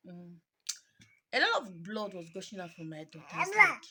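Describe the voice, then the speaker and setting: A woman's voice: mid-range voice, sing-song, moderate pace, bright, forceful tone, breathy edge. A young Nigerian woman, a mother vlogging, telling an emotional, rambling story to her viewers in English mixed with Pidgin. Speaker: mommy vlogger. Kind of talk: personal storytelling to camera. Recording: noisy home video recording.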